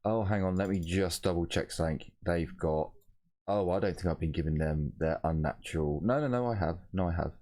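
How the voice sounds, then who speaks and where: A man narrating as game master of a tabletop game, relaxed and rambling, correcting himself as he goes. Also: sits low, a little fast.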